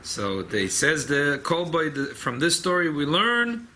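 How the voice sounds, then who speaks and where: A rabbi teaching an informal class, telling a story with lively emphasis. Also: male voice, on the high side, a little slow, hardly any pauses, a little hiss or hum. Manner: animated storyteller, mixing Hebrew and Yiddish terms.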